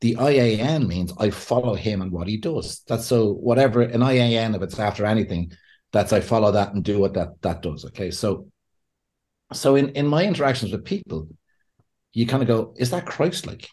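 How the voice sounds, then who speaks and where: A relaxed Irish man with a fairly low voice talks easily as a guest on a podcast. He sounds sincere and unhurried, and he slips into other people's voices as he tells stories. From Ireland. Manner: laid-back, sincere storyteller who acts out quotes. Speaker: podcast guest, pastor and counselor. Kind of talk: conversational interview.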